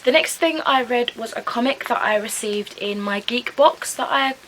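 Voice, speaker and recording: A woman's voice: fairly high pitch, normal speed, noisy background. A young woman chatting casually through her book reviews, rambling with lots of "like" and "kind of" and often unsure how to say names. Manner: hedging, unsure of name pronunciations. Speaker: book vlogger.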